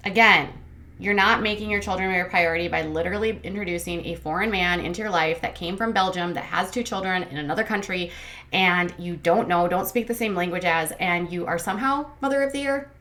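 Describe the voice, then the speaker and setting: A woman's voice: lowish voice, brisk, bright, forceful tone. A woman hosting a commentary channel, recapping casually in a chatty, sarcastic, critical way. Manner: sarcastic, critical, chatty with many ums and likes.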